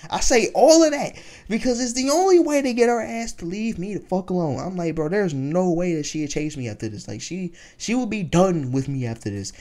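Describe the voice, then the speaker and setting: A man's voice: high voice, lively intonation, a little fast, darkish tone. A young man telling a casual storytime, swearing freely and rambling with lots of fillers. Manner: profane, rambling with many fillers.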